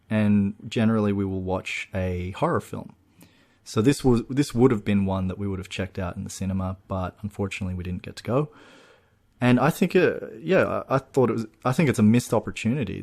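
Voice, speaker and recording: A man co-hosting a casual film-review podcast, walking through the plot in long, winding, animated sentences. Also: on the low side. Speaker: podcast co-host.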